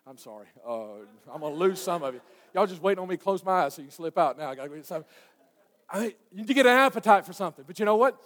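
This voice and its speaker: A high-pitched man with a drawl preaches a folksy sermon. He drops into soft, confiding asides, then climbs to loud, fervent peaks. The voice rings out with the long reverb of a big hall. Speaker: pastor.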